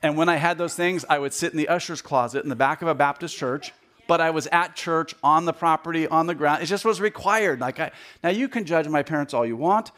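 A man in his fifties giving a conversational sermon as a guest speaker in a church, joking and repeating words and getting louder to stress a point. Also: on the high side, fairly quick. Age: 50s. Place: church sanctuary.

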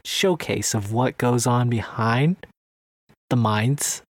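A man co-hosting a podcast, pitching its membership in a hesitant, chuckling, casual way. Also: slow pace, dry recording. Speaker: podcast co-host. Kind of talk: casual chat.

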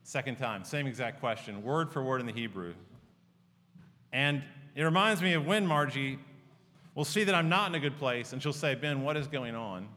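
A man's voice: medium pitch, moderate pace, bright, forceful tone. A man preaching a sermon as pastor in a church, earnest and conversational, telling personal stories. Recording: long reverb of a large hall.

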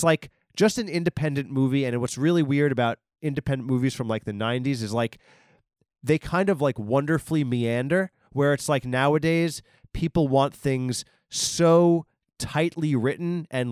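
A man's voice: medium pitch, smooth, dry recording, clean studio sound. A man from Long Island hosting a podcast, telling a meandering comic story full of asides. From Long Island, New York. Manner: meandering, many ums and likes, self-interrupting. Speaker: podcast host. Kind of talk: rambling comic storytelling monologue.

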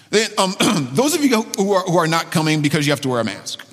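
A man preaching a sermon as pastor of his church, earnest and halting, repeating phrases and restarting often. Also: fairly high pitch, big pitch swings. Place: church sanctuary. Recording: long hall reverb.

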